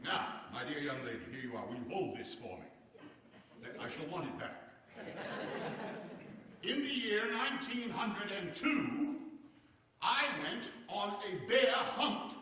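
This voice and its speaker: A man's voice: sits high, bright, forceful tone, full character voice. An actor playing a hearty, boisterous old-time American president, speaking theatrically and exclamatorily straight to the audience in a live one-man stage show. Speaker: stage performer. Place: performance hall before a seated audience. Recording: echoey hall, voice picked up from far off.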